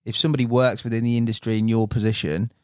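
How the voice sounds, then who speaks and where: A man's voice: medium pitch, level tone, quick pace, darkish tone, clear, resonant tone, dry recording, studio quality. A man hosting a podcast interview, friendly and chatty, laughing often and calling his guest mate. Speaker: podcast host. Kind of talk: casual interview chat.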